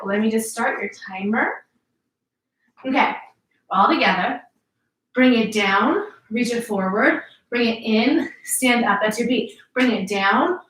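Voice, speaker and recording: Recorded from afar in an indoor home workout space with plenty of room echo, a female instructor cues each exercise for her class. Her voice is a little high and a bit bright, her manner upbeat and encouraging, and she occasionally gets winded.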